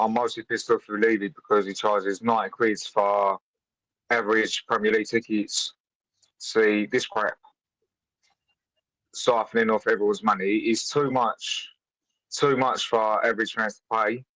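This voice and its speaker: A man calling in to a live show, calm and resigned in a matter-of-fact way. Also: fairly low pitch, measured pace, dry recording, rough recording. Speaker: caller. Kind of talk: casual call-in chat.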